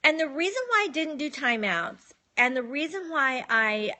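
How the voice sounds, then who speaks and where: A woman's voice: high-pitched, expressive, normal speed, bright, forceful tone. A middle-aged woman talking casually on a live stream, giving firm, matter-of-fact parenting advice and acting out what she says to her children.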